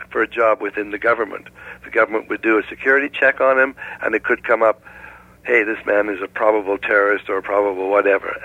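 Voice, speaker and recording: A man from Canada, speaking as a guest in a phone interview, explaining things in a measured way with hypotheticals. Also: mid-range voice, no echo. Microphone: telephone. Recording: tinny dry phone line.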